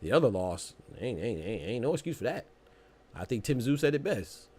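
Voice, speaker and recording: A man's voice: medium pitch, big pitch swings, moderate pace, mellow, husky. A man hosting a boxing podcast live stream, talking casually and animatedly, laughing often and calling everyone "bro".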